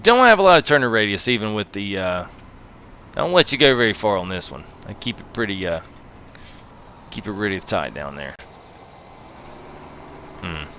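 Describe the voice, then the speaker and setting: A man's voice: on the low side, very animated, moderate pace, pauses often, sharp tone, a little hiss or hum. A man streaming a farming game live late at night, chatting casually with viewers, laughing often and tacking "man" onto his phrases. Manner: laid-back, laughs often, says "man" after many phrases. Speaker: gaming livestreamer. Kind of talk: casual livestream commentary.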